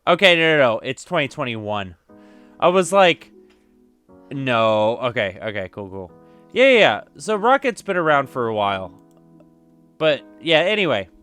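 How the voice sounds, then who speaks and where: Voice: mid-range voice, big pitch swings, normal speed, fairly bright tone, smooth, faint music behind. A streamer hosting a casual interview on a voice call, rambling through stories and laughing. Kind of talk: casual online chat.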